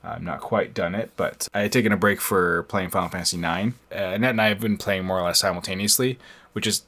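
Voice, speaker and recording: A man's voice: low-pitched, fast, fairly bright tone. A man hosting a podcast in casual chat, talkative and laughing often. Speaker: podcast host.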